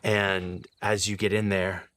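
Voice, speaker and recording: A man narrating as game master of a tabletop game in a relaxed, chatty way. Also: low voice, slow.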